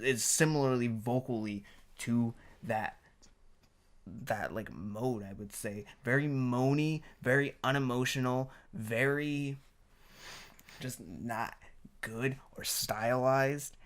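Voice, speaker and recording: A man's voice: medium pitch, slow. Man, podcast co-host, casual album review, blunt, profane, heated.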